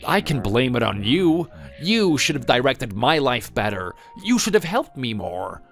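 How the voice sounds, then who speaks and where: A resentful adult son, drunk and self-pitying, who blames his mother for how his life went, as a man plays him. His voice sits at a middling pitch and moves through a wide range. Faint music plays under this dramatized story. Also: very animated, a little slow, fairly bright tone. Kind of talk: dramatized family story reading.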